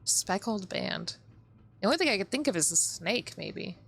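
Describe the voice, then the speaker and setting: A woman's voice: medium pitch, lively intonation, moderate pace, vocal fry, a bit bright, husky. A woman streaming a video game, chatting casually with her viewers, giggling, and reading the game's lines aloud in playful voices. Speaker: VTuber streamer.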